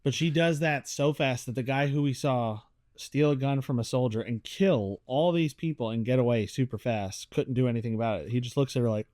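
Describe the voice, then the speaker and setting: A man chatting casually as a podcast co-host, animated, acting out characters' lines as he talks. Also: mid-range voice, fairly quick, few pauses, no echo, studio quality. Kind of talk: casual chat reviewing a series.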